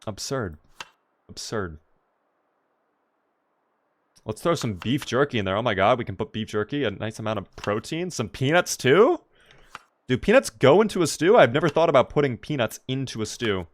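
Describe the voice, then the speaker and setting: A man's voice: medium pitch, sing-song, brisk. Playful man streaming a game. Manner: playful, chatty, jokes to chat. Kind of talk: casual gameplay commentary.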